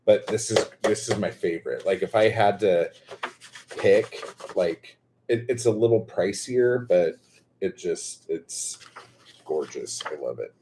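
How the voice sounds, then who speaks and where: A man unboxing a new stapler in a casual vlog, excitable and gushing, often breaking into exclamations. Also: deep voice, slow, background noise. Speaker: poet and chapbook maker.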